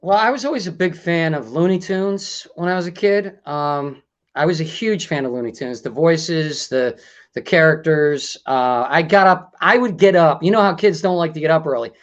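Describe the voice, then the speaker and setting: A man's voice: a little high, dull audio. A man guest on a podcast, chatting casually and joking, fond of playing with voices. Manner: jokey, quick to play with voices and accents. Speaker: comedian guest.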